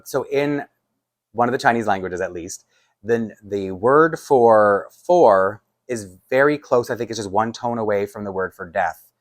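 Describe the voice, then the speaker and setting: Man, lowish voice, casual rambling vlog chat full of restarts and chuckles. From Canada. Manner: chatty, rambling, with frequent restarts and laughs. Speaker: doll collector vlogger.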